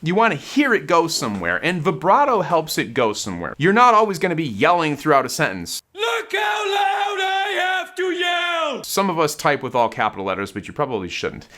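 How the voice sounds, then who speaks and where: A man's voice: on the high side, big pitch swings, fast talker, hardly any pauses, fairly bright tone. A man hosting a casual guitar lesson, explaining in a conversational way while demonstrating on his guitar. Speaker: guitar teacher and channel host.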